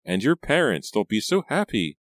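A man's voice: on the low side, sing-song, normal speed, dry recording, studio quality, pitched above the performer's own voice. A man voicing a caring, anxious teenage girl in an audiobook, asking urgent questions.

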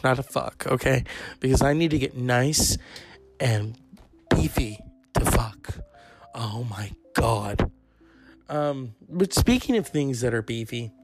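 Gravelly, rambling man podcasting solo. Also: mid-range voice. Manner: rambling, profane, campy asides. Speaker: podcast host. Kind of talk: solo comedic podcast rant. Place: at home, in bed.

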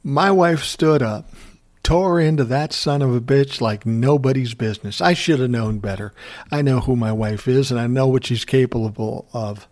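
A man's voice: mid-range voice, a little mellow. Middle-aged man from Minnesota, casual profane ranter, laughs between lines. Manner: profane, blunt storytelling with chuckles. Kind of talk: casual ranting monologue.

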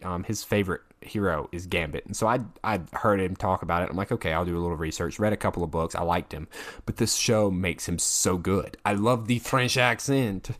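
A man co-hosting a podcast in casual chat, enthusiastic and rambling, laughing often between thoughts. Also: lowish voice. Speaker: podcast co-host.

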